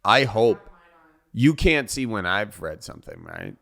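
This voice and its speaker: A man's voice: on the low side, huge pitch swings, a little slow, creaky, fairly bright tone. A man hosting a podcast, bantering in casual chat with a joking, easygoing manner. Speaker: podcast host.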